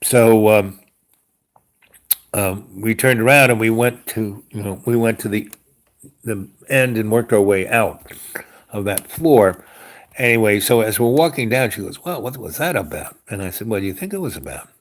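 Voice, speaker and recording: A man with a slightly low voice tells a wandering story straight to his camera. He talks casually and loosely, restarting sentences and padding them with filler phrases as he goes. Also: moderate pace. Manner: meandering, full of "you know" and restarts. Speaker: livestream host.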